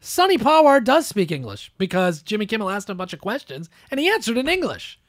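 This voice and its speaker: Ranting podcast host, dry close mic. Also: male voice, high-pitched, a little fast, no room sound. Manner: ranting, animated, sarcastic. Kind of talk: casual political chat. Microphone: close studio mic.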